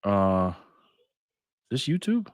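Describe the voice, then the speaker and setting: An older man hosting a casual live stream, loudly greeting viewers by name and muttering to himself while he fiddles with his phone. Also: on the low side, very animated, drawn-out words, no room sound, studio quality. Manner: loud upbeat shout-outs, drops to mutters while fiddling with phone.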